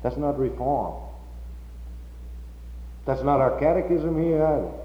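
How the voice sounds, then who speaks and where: A pastor preaching a sermon slowly and emphatically, building to loud high peaks on key words. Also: male voice, expressive, echoey room, in a large hall, muffled recording, slight background noise.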